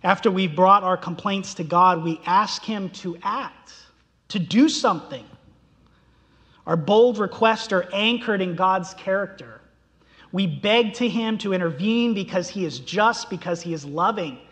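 Man preaching slow and impassioned, voice jumps up on the quoted cries, long hall reverb. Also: sits high, a bit bright. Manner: impassioned, rises sharply when voicing quoted cries. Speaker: pastor. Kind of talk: sermon.

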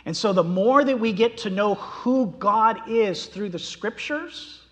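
Slow, high-voiced preacher in a reverberant hall. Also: male voice. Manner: impassioned, rises sharply when voicing quoted cries. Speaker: pastor. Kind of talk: sermon. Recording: long reverb of a large hall.

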